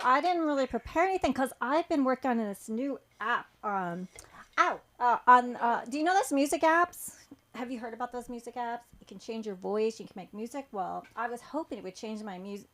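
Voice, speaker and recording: A woman telling a rambling stand-up story at an open mic in a small comedy club, halting with fillers. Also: on the high side.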